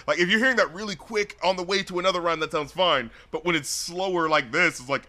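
A man co-hosting a podcast, chatting casually through an album review, rambling and animated, full of "like" and "you know". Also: on the high side, fast, hardly any pauses. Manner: acts out lyrics and studio scenes in loud put-on voices.

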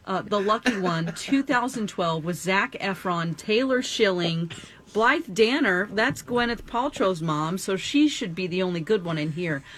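A woman's voice: mid-range voice, lively intonation, a little slow, fairly bright tone. A woman in casual chat, wryly reading out a movie summary and reacting to it. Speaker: podcast co-host.

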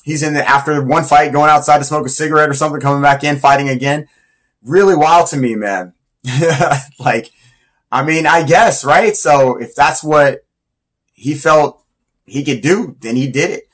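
A man's voice: fairly high pitch, moderate pace, a bit bright. A man who fights Muay Thai, talking casually and enthusiastically as he counts down his influences. He rambles a little and uses slang.

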